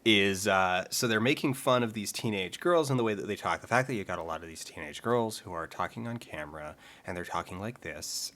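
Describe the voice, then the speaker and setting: Low-voiced man rambling casually. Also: moderate pace, pushed and bright. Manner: demonstrates vocal fry and pitch, many restarts. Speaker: host. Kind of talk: casual chat while streaming a game.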